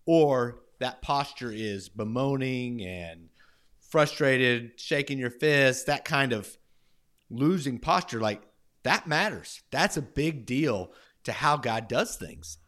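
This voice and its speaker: Animated, enthusiastic man cheering a friend on. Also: medium pitch, takes it slowly. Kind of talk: casual faith conversation.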